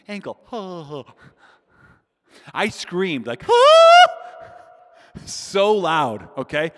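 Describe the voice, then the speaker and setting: A man in his forties preaching a sermon, telling a comic childhood story and speaking directly to the crowd. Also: on the high side. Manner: animated, addresses the crowd directly. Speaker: pastor. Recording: long hall reverb.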